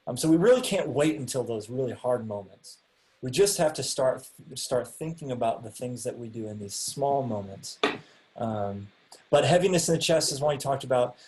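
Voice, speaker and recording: A man's voice: medium pitch, darkish tone. A young man teaching a class over a video call, speaking casually with many ums and restarts.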